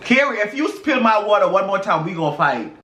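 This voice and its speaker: A woman's voice: mid-range voice, big pitch swings, brisk, fairly bright tone, reverberant, slight background noise. A woman co-hosting a mukbang vlog in casual chat, sassy and teasing, with a sing-song drawl. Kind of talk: casual chat while eating.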